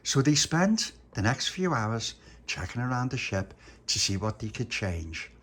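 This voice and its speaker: A man's voice: medium pitch, very animated, unhurried, fairly bright tone, slightly rough. A man improvising a playful family bedtime story, rambling and restarting his sentences.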